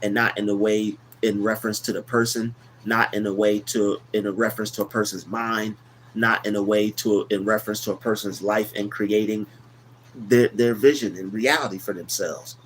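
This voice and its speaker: A man's voice: fairly low pitch, steady tone, moderate pace, slight background noise. A man hosting a casual motivational livestream, talking in a loose, repetitive, preachy way about affirmations. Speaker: livestream host.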